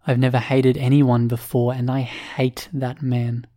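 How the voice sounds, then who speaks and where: A man reading an audiobook voices a hollowed-out young male hero, speaking low and subdued, near a whisper. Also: level tone, measured pace, mellow, dry recording, clean studio sound, lightly acted.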